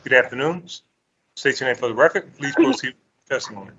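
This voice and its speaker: A man chairing a public hearing, giving brisk, polite procedural prompts. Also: mid-range voice, sing-song, sharp tone. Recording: dull lo-fi stream with faint noise.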